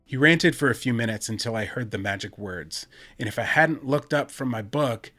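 A man, a podcast host, narrating a first-person horror story in a measured, dramatic and wry way. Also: medium pitch, fairly bright tone.

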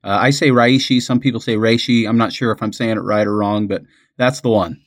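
A man hosting a conversation, relaxed and a little hesitant, with many fillers. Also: fairly low pitch, fast talker, no echo, studio quality. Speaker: host. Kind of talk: casual chat.

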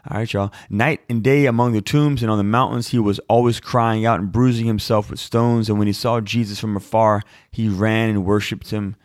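Answering a viewer's question, this thirty-something man reads from the Bible and then teaches casually, chatty and full of "like" and "y'all." His voice is on the low side with fairly even intonation and a moderate pace, hardly pausing, in echo-free studio quality.

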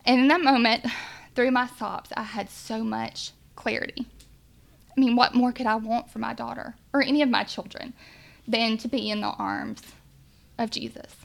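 A woman's voice: a little high, steady tone, moderate pace, vocal fry. A woman, earnestly telling her family's faith testimony. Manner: earnest, emotional, faith-filled. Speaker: mother sharing a testimony. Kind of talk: personal testimony storytelling.

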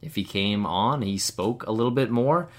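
A man co-hosting a podcast who speaks in a measured, calm way. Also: lowish voice. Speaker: podcast co-host. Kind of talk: casual discussion.

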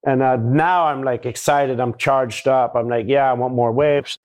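A man telling a story in a relaxed, rambling way, as a guest in a casual talk. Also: medium pitch, unhurried. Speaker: big wave surfer guest.

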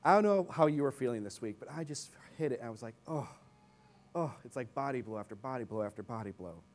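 Animated young male preacher telling a story. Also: mid-range voice, racing. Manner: animated storytelling with asides to the congregation. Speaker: pastor. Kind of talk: sermon. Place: church in Chicago.

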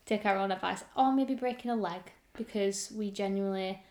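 A woman's voice: mid-range voice, moderate pace, a little mellow. Teasing, laughing woman co-host. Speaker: podcast co-host. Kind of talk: casual chat.

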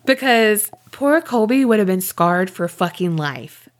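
A woman co-hosting a podcast, telling a rambling story in animated casual chat, swearing and laughing often. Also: on the high side, slow pace. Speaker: podcast co-host.

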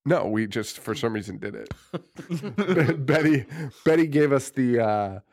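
A man's voice: mid-range voice, gravelly. A young man hosting a casual horror movie podcast, joking, swearing and laughing a lot. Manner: animated, laughing, swearing, quick jokes. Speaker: podcast host.

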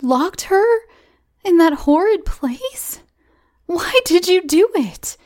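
A woman's voice: very high voice, lively intonation, slow pace, darkish tone, no room sound, studio quality, voice pushed up, exaggerated voice. A woman voicing an indignant, agitated young woman in a read-aloud story, exclaiming shrilly.

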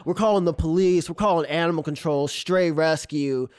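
A male comedian telling a true story on stage with plenty of energy. His voice sits somewhat high for a man, and he breaks into laughter as he goes and slips into squeaky meows to play the cat. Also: moderate pace. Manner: animated, laughing through the telling, mimics a cat's meows. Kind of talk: live storytelling.

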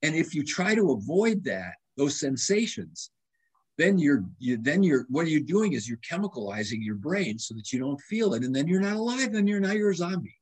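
Husky older man telling stories. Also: a little high, normal speed. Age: 70s. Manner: animated storyteller, restarts and quotes himself. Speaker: guest doctor. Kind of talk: casual interview conversation.

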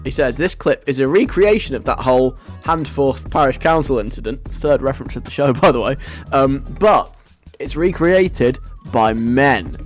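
Casting a joking, chatty man as a radio host, mid-pitched, faint music underneath. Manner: playful, rambling, chuckling. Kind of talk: casual radio chat.

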